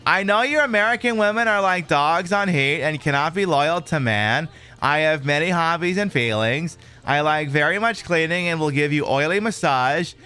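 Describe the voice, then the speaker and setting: Dude doing a high coy young lady voice, singsongy, lively. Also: moderate pace, hardly any pauses, clean tone.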